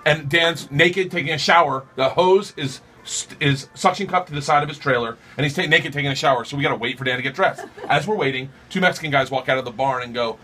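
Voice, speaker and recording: Excitable, profane male comedian storyteller. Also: on the high side, fast talker, few pauses, slightly rough. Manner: excitable, profane, laughs through stories. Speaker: comedian guest. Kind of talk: storytelling radio interview. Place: radio studio.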